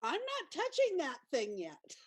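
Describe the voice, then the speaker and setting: A woman playing a tabletop game, explaining her character's reactions in animated, chatty talk with frequent laughter. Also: high voice, unhurried. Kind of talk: casual role-play chat.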